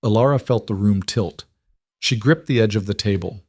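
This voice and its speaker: A man reading scripted audiobook narration in a measured, even storytelling manner. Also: fairly low pitch, dry recording, studio quality.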